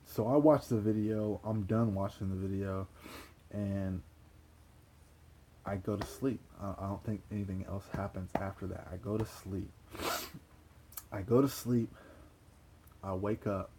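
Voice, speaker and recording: A young man with a fairly low voice tells a personal story in a loose, animated way, swearing freely and circling back over the same phrases. He laughs between thoughts. A faint hum sits under the recording. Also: measured pace, pauses often. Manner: animated, profane, repeats phrases, frequent laughs and gasps. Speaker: vlogger.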